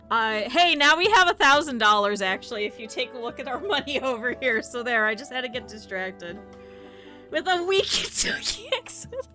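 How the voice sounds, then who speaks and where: A woman streamer telling stories in casual, animated, profane talk, laughing often. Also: on the high side. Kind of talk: casual livestream storytelling.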